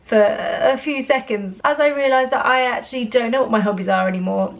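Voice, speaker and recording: A woman's voice: on the high side, brisk. A woman in her thirties from England chatting casually to camera in a rambling vlog, full of restarts. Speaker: vlogger.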